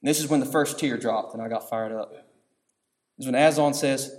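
A man, preaching a storytelling sermon that swings between hushed passages and shouting. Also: medium pitch, a little fast.

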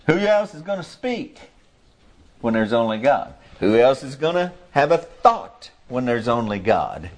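A man preaching an informal sermon, earnestly searching for words with many restarts, and reading scripture slowly. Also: medium pitch, very animated. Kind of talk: informal sermon, Bible teaching.

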